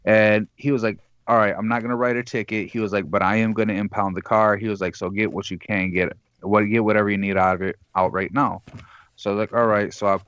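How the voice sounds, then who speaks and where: A caller guest from Michigan, USA, rambles through a long, profane story, acting out the other people in it. He talks fast in a lowish, slightly bright voice that is clear and resonant with a steady tone, and the recording is dry and dull.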